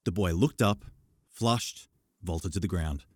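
A man reading audiobook narration in a measured, expressive way. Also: deep voice, no echo, studio quality.

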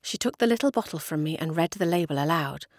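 A woman narrating a storybook with expressive, dramatic delivery. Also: low-pitched, quick pace, dry recording, clean studio sound.

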